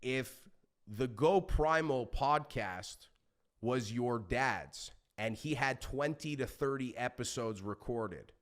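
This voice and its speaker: A man talking as a podcast guest, telling stories in a passionate, animated way and swearing freely. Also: mid-range voice, takes it slowly. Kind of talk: casual interview talk.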